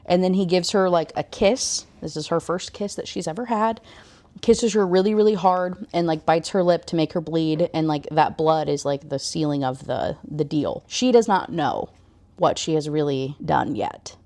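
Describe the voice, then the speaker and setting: A woman's voice: low voice, normal speed, a little mellow. A woman and book reviewer recapping a novel in a casual, enthusiastic way, full of fillers.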